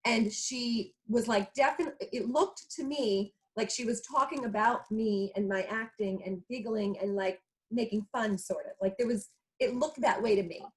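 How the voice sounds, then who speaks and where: A woman's voice: a little high, moderate pace, rough recording. A woman in her thirties, co-hosting a casual talk show and telling a personal story, acting out what people said. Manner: chatty storyteller, acts out quotes. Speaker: co-host.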